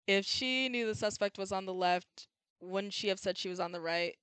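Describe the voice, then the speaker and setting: A young woman streaming a video game and chatting casually, slangy and quick to get exasperated, at a desk mic at home. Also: medium pitch, fairly even intonation, clean tone, dry recording. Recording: loud game music behind.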